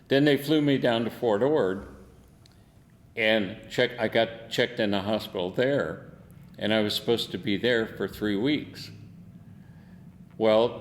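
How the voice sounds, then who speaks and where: A man's voice: on the low side, in a large hall, a little hiss or hum. An older man, a veteran, telling war stories in an oral history interview, salty and laughing, acting out the quotes. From United States.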